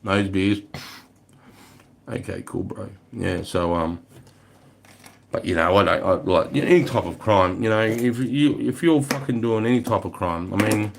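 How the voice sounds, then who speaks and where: Very low, gravelly-sounding Australian bloke, swearing nonstop while spinning a rambling yarn for a live stream chat. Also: male voice, normal speed, a little hiss or hum. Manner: profane, rambling, swears constantly. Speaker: livestreamer. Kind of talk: casual storytelling to a live chat.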